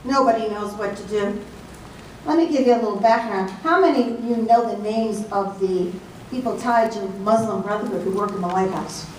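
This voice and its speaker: A woman's voice: medium pitch, normal speed, a little mellow, distant mic, a little hiss or hum. Southern woman giving an emphatic speech in an echoey hall. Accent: Southern American. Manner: emphatic, list-like delivery. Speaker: speaker at a political event. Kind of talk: political speech.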